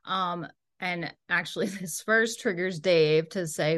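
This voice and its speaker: A woman's voice: fairly low pitch, slow, a bit bright. A woman giving a recorded lecture, walking through a transcript in a loose, explanatory way and often hedging as she goes. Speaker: linguistics lecturer.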